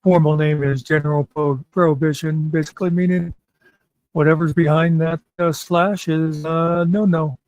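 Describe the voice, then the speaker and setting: A man's voice: fairly high pitch, steady tone, normal speed, darkish tone, no room sound, muffled recording. A man hosting a casual chat show, rambling and meandering with many fillers. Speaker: podcast host.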